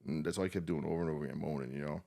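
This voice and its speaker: A man with an extremely deep, gravelly voice recounts a painful memory as a podcast guest. He speaks haltingly and sounds shaken and subdued, restarting his sentences, filling gaps with "you know" and swearing often. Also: dark tone. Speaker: podcast guest, war veteran. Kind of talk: emotional personal storytelling.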